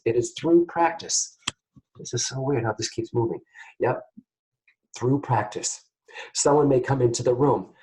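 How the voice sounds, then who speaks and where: A man teaching psychic mediumship to camera in a casual, animated way, often checking in with his viewers. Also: mid-range voice, low-quality recording. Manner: animated, keeps checking in with "guys, okay?".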